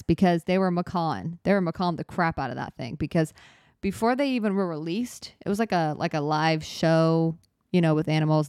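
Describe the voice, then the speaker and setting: Young woman podcast host, low voice, dry close mic; rambling, self-correcting storyteller. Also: darkish tone, clean tone, no echo. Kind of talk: casual solo chat.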